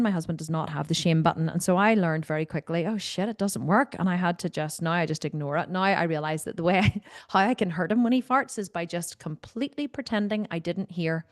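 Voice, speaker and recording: A woman's voice: fairly low pitch, no room sound, clean studio sound. A woman hosting a live video Q&A, telling a story in a candid, blunt way and swearing freely. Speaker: host. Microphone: video call mic.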